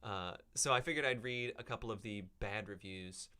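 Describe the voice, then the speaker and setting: A man's voice: on the low side, moderate pace, pushed and bright, clear, resonant tone. A man hosting a book-review podcast, talking casually without a script and rambling with many ums and self-corrections. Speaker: podcast host reviewing books. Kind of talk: unscripted casual podcast talk.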